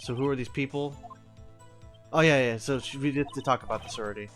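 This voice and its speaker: A male streamer hosts a live game session in a casual, chatty way, breaking into laughter often. His pitch is ordinary, and faint music runs underneath. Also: quick pace, fairly bright tone. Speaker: streamer host. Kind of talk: casual let's-play chat.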